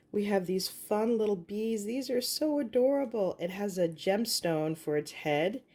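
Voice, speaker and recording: A woman's voice: low voice, mellow. A woman presenting a craft haul, showing items one by one and gushing over each in an upbeat way. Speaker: craft YouTuber. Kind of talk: craft haul show-and-tell.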